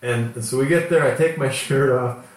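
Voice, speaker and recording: A man's voice: mid-range voice, normal speed. A middle-aged man, a father and guest, chatting with dry, self-deprecating humor. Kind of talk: casual comedy chat. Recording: distant mic in echoey room.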